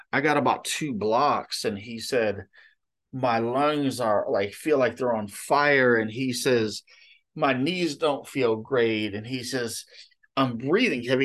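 A man's voice: mid-range voice, a bit bright. Male preacher, easygoing sermon delivery, loose storytelling with many asides and check-ins. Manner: conversational and rambling, frequent "you know" and "okay?".

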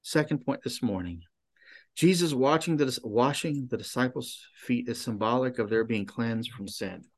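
A man's voice: mid-range voice, normal speed. A male pastor giving a conversational sermon, full of rhetorical questions and frequent restarts.

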